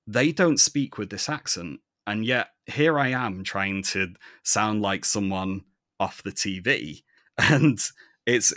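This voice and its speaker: A man with a soft Northern English accent that leans toward received pronunciation, a podcast guest talking reflectively in long monologues. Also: on the low side, dry recording, clean studio sound. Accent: soft Northern English, leaning toward received pronunciation. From Manchester, England. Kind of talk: casual conversation.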